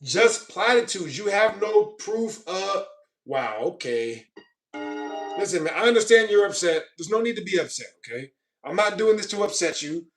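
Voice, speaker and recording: A man's voice: sits high, lively intonation, normal speed, a bit bright, faint music behind. A man reading viewer comments on a live stream, arguing with commenters in a defensive, lecturing way and often asking if they know what he means. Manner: repeats "you know what I mean".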